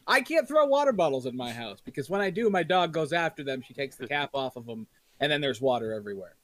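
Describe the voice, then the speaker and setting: A man's voice: on the high side, big pitch swings, fast, a bit bright, no echo. A man hosting a casual chat, teasing and joking with his guests. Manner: jokey, teasing interjections. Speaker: podcast host.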